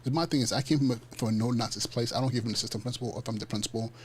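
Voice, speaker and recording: A man hosting a podcast, telling a personal story in a casual, animated way. He restarts often and acts out the dialogue in street slang. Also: medium pitch, racing, a little hiss or hum. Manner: frequent fillers and self-restarts. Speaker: podcast host.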